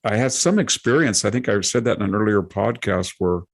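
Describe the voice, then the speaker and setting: Gravelly low-voiced man telling a story. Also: lively intonation, fairly quick. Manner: rambling, self-interrupting anecdote with acted quotes. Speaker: podcast host. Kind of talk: anecdotal podcast storytelling.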